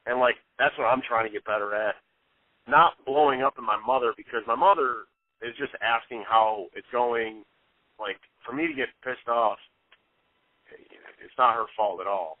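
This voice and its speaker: A man with a mid-pitched voice rambles through a story, full of restarts and frequent curses. He sounds frustrated and fed up. His voice is dry and tinny, as if heard over a phone line. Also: moderate pace, no echo. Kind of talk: casual chat over the phone.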